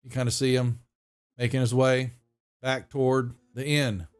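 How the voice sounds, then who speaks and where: A man's voice: mid-range voice, little pitch movement, a little slow, clear, resonant tone, faint music behind. A man, narrating a tabletop game as game master in a loose, folksy way.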